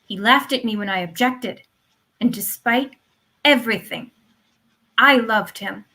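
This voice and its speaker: A woman's voice: on the high side, a little slow, sharp tone, heavily acted, low-quality recording. A woman voicing a proud young widow who declaims with theatrical indignation, in a stage play read over a video call. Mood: scornful. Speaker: actor in a live online reading.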